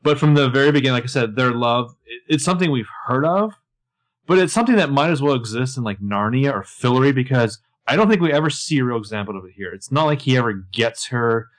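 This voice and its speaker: A man's voice: medium pitch, lively intonation, quick pace. A man co-hosting a casual show recap, enthusiastic and sarcastic with profane asides. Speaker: podcast co-host.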